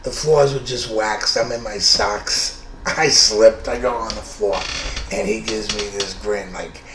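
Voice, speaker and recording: In a roomy space with faint background noise, a man in his fifties from New York recounts a true story bluntly and profanely, in a New York accent. His fairly low voice has a fairly bright tone and fairly even intonation, and he takes his time.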